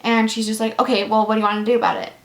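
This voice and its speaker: A woman's voice: on the high side, little pitch movement, very fast. A young woman telling a casual storytime rant to her viewers, sassy and exasperated, peppered with "like". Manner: sassy, exasperated, heavy use of "like". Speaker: vlogger. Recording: echoey room.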